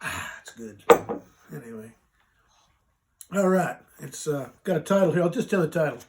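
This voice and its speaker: A man's voice: a little high, animated, moderate pace, heavy background noise. A man hosting a casual live vlog, rambling folksily with many fillers and restarts as he reads and explains a short scripture passage. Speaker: vlogger reading a Bible passage.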